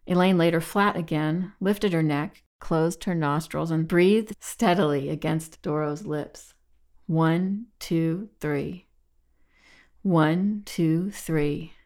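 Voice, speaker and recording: A woman reading a novel aloud as narrator, in a measured, evenly paced delivery. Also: low voice. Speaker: audiobook narrator. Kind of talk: scripted narration.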